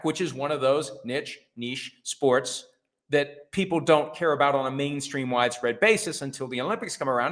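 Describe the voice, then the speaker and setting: A man's voice: medium pitch, fairly bright tone. A middle-aged man hosting a sports talk show, giving blunt, sarcastic opinions with casual swearing. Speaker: host.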